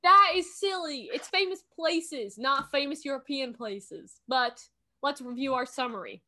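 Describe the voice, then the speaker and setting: A woman playing a guessing game, chatting casually and thinking out loud, often correcting herself mid-sentence. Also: sits high, lively intonation, a little slow. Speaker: game streamer. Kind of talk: casual gameplay chat.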